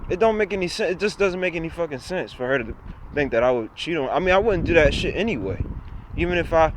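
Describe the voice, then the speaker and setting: A young man rants to the camera in a rambling, repetitive way, swearing freely. His voice sits a little high for a man. He records outdoors by a busy road, with clear traffic and wind noise behind him. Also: animated, fast talker. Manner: rambling, repetitive, frequent profanity. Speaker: vlogger. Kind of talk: casual rant to camera. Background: traffic and trucks.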